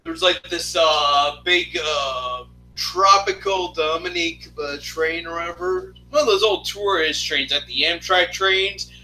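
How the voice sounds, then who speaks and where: Streamer type: man with a high, piercing voice, chatty and rambling. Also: measured pace, sharp tone, soft background music, rough recording. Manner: rambling, lots of fillers and restarts. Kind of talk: casual chat.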